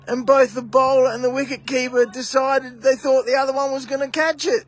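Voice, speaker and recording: A man with an Australian accent commentating a local cricket match live while filming it outdoors on a camera mic, chatty and excitable, laughing often. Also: extremely high pitch, a little fast, gravelly, few pauses.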